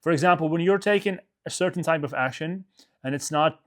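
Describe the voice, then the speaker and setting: A man's voice: a little high, fairly quick. A male coach giving a motivational talk to his audience, emphatic, repeating his phrases and often checking in with "okay?".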